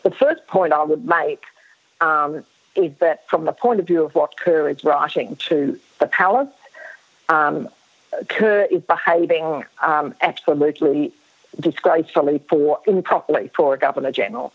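A woman's voice: deep voice, moderate pace, slightly rough. A woman historian, losing her voice, speaks emphatically as a guest in a radio interview and often restarts her sentences. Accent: Australian. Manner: emphatic, many restarts and fillers. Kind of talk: radio interview over the phone. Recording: tinny phone line.

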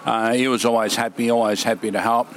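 A man's voice: medium pitch, steady tone, fast talker, slight background noise. Easygoing middle-aged man at an outdoor market. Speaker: market stallholder. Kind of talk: casual outdoor chat.

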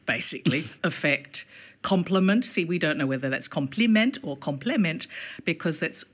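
A woman's voice: low voice, lively intonation, normal speed. A woman, a linguistics expert explaining word usage in a casual chat, thoughtful and hesitant, chuckling often.

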